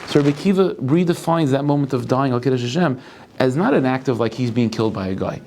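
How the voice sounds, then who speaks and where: Halting, earnest rabbi teaching Torah. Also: male voice, medium pitch, expressive, darkish tone, a little hiss or hum. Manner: halting, with many restarts and repeated words, thinking aloud. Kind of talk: Torah lecture.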